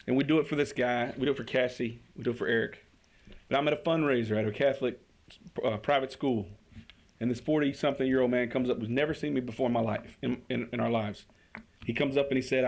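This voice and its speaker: A man's voice: medium pitch, steady tone, brisk, vocal fry. A man, a state representative, giving earnest testimony at a committee hearing, stumbling over and repeating words as he builds his case. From Kentucky. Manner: earnest, repeats words when starting phrases.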